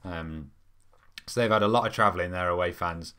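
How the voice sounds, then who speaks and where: A man's voice: sits low, brisk, fairly bright tone, clear, resonant tone. A young man, hosting a football fan live stream in a casual, rambling way, reading out viewer comments with lots of ums. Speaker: fan channel host.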